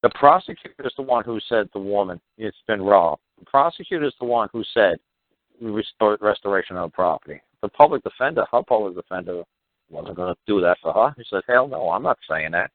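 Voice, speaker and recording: Call-in talker, man, lowish voice, insistent and mocking, phone-quality audio. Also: expressive, a little fast, no room sound. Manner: emphatic, repetitive, mocking impressions of officials. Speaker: talk show guest explaining court procedure. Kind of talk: animated phone-in talk. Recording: tinny phone line, dry.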